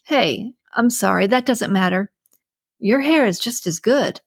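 A woman reading a story, voicing a crude, pushy adult man who turns indignant and rises in pitch when upset. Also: expressive, unhurried, creaky, slightly rough, no echo, clean studio sound, full character voice.

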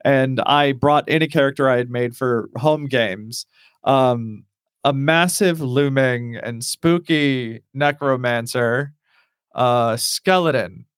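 A man's voice: medium pitch, slow, clean tone, no room sound, studio quality. A man hosting a podcast, chatting casually about tabletop role-playing characters with lots of fillers and laughter. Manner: animated, laughs often, many fillers. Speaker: podcast host.

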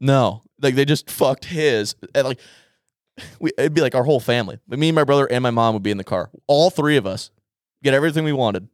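A man's voice: mid-range voice, brisk, no echo, studio quality. A young man in casual podcast chat, rambling through a funny story, swearing and laughing often. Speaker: podcast co-host.

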